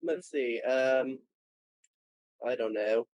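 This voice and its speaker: A man's voice: medium pitch, drawn-out words, a little mellow, dry recording. A man co-hosting a podcast in casual chat, hesitant and laughing. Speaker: podcast co-host.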